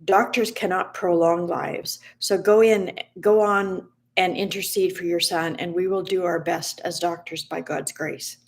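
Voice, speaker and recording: A doctor who keeps his composure speaks quietly and evenly, as a woman reads his words. The voice stays low and unhurried. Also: creaky. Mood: calm. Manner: quiet, calm, measured. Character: composed grieving doctor, calm quiet man.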